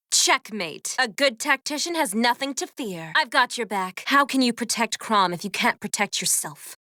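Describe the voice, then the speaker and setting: An actress playing a young female battle tactician who calls out spells with confident, crisp battle calls in a video game. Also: a little high, lively intonation, moderate pace, pushed and bright, no room sound, clean studio sound.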